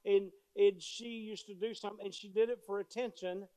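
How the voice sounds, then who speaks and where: A man's voice: high voice, steady tone, a little fast, warm tone. A male pastor preaching a sermon with emphasis, repeating key phrases as he tells stories.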